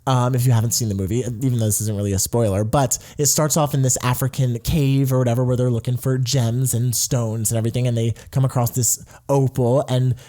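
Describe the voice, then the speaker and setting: A young man co-hosting a podcast in casual chat, animated and rambling, laughing often. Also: medium pitch, fairly quick, hardly any pauses. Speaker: podcast co-host.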